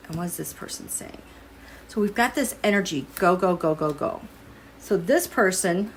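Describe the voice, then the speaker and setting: A woman's voice: on the low side, a little hiss or hum. A woman giving a casual tarot and astrology reading to her viewers, musing aloud as she turns over cards. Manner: musing, thinking aloud while drawing cards.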